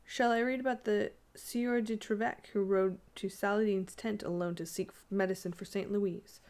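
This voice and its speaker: A woman reads a flippant young husband from an old storybook, tossing off his lines in a breezy, joking way. He sounds teasing and offhand, at an ordinary, middling pitch. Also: steady tone, moderate pace, darkish tone, lightly acted. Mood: playful.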